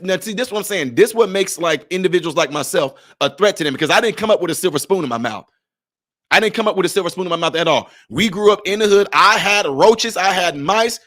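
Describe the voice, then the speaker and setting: A man's voice: high-pitched, fairly bright tone. A man giving emphatic, conversational commentary in a vlog, speaking directly to his viewers.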